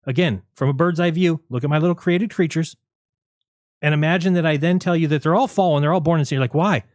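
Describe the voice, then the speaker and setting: Guy ranting on his livestream, fast and sarcastic, kinda high voice, dry close sound. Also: no room sound. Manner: rapid, argumentative, sarcastic. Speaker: livestream host. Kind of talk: casual livestream monologue.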